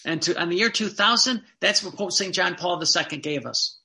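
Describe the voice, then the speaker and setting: A man preaches a devotional sermon with fervent, emphatic delivery, returning to the same phrases again and again. His voice sits high for a man and sounds very bright, with a gravelly edge on the low notes. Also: a little fast.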